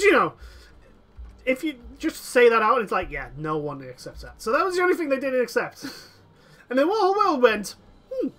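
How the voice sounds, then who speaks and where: A man's voice: high-pitched, pushed and bright. A man playing a strategy game who rambles and corrects himself, with lots of fillers. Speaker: gaming commentator. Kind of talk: strategy game let's play.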